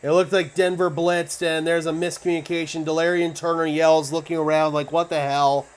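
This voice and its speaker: A man's voice: a little high, flat delivery, brisk. A man giving live play-by-play fan commentary on a football game, frustrated and ranting about his team's defense.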